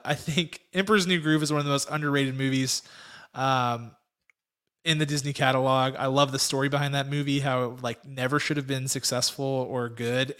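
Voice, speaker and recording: A man's voice: medium pitch, bright, forceful tone. A man co-hosting a casual movie review podcast, talking enthusiastically and emphatically. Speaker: podcast co-host.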